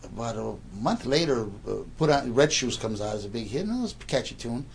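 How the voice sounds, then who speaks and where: A man's voice: mid-range voice, very animated, fairly quick, gravelly, a little hiss or hum. A man in his sixties casually telling a rambling anecdote, stammering and repeating words as he goes.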